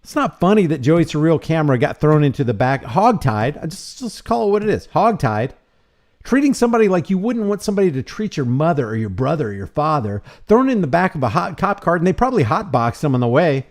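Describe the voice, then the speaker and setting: Animated, indignant man commenting. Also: fairly high pitch, fairly quick. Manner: indignant, sarcastic, rhetorical questions. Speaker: commentary channel host. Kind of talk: reaction commentary over video.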